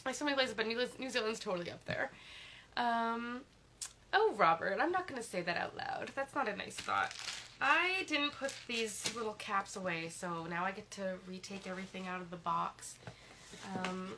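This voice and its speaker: Livestreaming on her phone from bed while sick, this host chats casually, sounds slightly congested, and reads viewers' comments aloud. Her medium-pitched voice moves at a moderate pace, with background noise audible.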